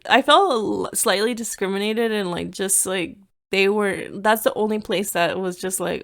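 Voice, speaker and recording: A woman's voice: mid-range voice, moderate pace, creaky, a bit bright. A woman in her thirties from the United States, hosting a casual solo podcast and telling stories in a chatty way, full of "like" and slipping into Spanish. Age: 30s. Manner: chatty, lots of "like", drops into Spanish. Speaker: podcast host.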